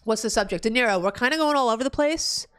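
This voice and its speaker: A woman's voice: lively intonation, fast, smooth. A young woman from New Jersey streaming live, chatting casually and ranting with heavy swearing. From New Jersey, USA. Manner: profane ranting, loud swings in pitch. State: pregnant.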